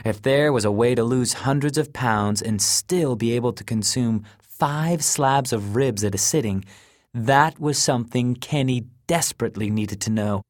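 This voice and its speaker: A man reads a darkly comic story aloud in a measured, unhurried storybook voice of middling pitch. The recording is dry and close, with no room sound around him. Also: no echo. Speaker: narrator. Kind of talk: storybook narration.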